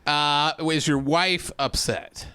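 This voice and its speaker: A man's voice: on the high side, fairly even intonation, takes it slowly, sharp tone, smooth, no room sound. A man co-hosting a podcast in playful casual chat, laughing easily. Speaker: podcast co-host.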